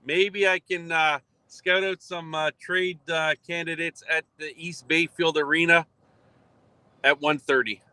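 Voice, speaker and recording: A man's voice: on the high side, fairly even intonation, measured pace, pushed and bright, smooth, no room sound. A man calling in live as a contributor, giving laid-back, joking replies. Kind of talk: casual live chat.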